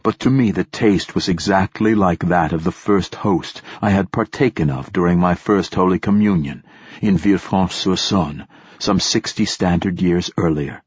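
Male audiobook narrator: low, husky, dry and close, solemn and measured, slightly muffled sound. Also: no room sound. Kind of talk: scripted first-person narration. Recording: dull, muffled recording.

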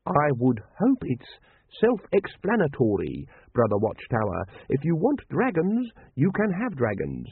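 A man voicing a scheming male cult leader who talks slowly and smoothly, bending others to his plan. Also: a little high, wildly swooping pitch, dry recording, pitched above the performer's own voice, heavily acted. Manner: slow, smooth, manipulative. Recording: dry, tinny, phone-like sound.

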